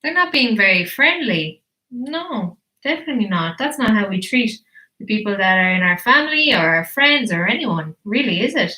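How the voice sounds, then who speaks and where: A woman teacher reading a picture book live to children, animated and encouraging, asking questions as she goes. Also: mid-range voice, normal speed, roomy sound. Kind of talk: live storytelling for kids.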